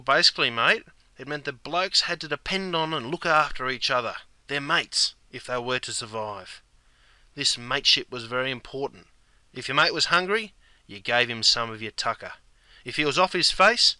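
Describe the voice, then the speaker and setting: Brief: Australian male slang teacher, laid-back and jokey, very bright tone, dry close mic. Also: mid-range voice, dry recording. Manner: laid-back, slang-heavy, keeps saying mate. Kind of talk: comedic scripted explanation.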